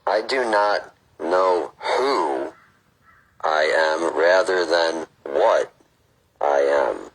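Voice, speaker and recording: A man reading aloud as a calm, gentle AI presence that is open and curious, in a slow, soothing delivery. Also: sits low, husky, pitched above the performer's own voice, full character voice, rough recording. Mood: serene.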